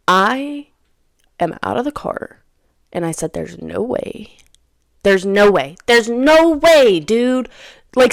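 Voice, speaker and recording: A young woman hosting a casual podcast, retelling a story with lots of drama and repetition. Her pitch swings widely from line to line, and the recording is close and dry with no room sound. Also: dry recording. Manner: animated, dramatic retelling with sudden whispers and cries; repeats phrases for emphasis, says "dude" and "girl". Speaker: podcast host.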